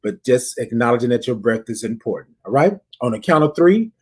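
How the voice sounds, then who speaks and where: A man's voice: medium pitch, very animated, brisk, a little mellow, slightly rough. A man hosting a casual live-stream check-in, leading his listeners through breathing exercises and talking straight to them with lots of repeated phrases. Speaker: podcast host.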